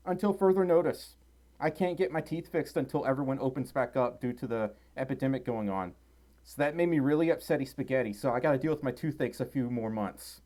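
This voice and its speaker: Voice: mid-range voice, mellow. A person hosting a casual home livestream, tired and a little out of breath, rambling and giggling while reading viewer messages aloud at a desk microphone. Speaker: livestream host reading chat and donations. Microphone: desk microphone close by.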